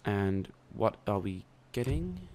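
A young man with a very low voice talks through his turns in a strategy game, chatty and loose. He thinks aloud as he plays, with the odd swear word. He speaks close to a desk mic. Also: sing-song, takes it slowly, a little mellow. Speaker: gameplay commentator. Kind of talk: casual let's-play commentary.

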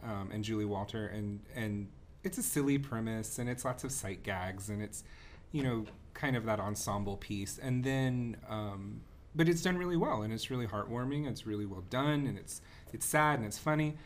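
A man's voice: lowish voice, moderate pace, slight background noise. A man co-hosting a movie podcast, chatting casually and with strong opinions, often breaking into laughter. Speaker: podcast co-host.

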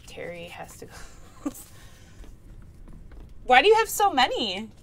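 With a high voice, huge pitch swings, and a measured pace, a young woman chats casually on a livestream. She laughs frequently, greets her viewers, and reads chat names aloud in a giggly way.

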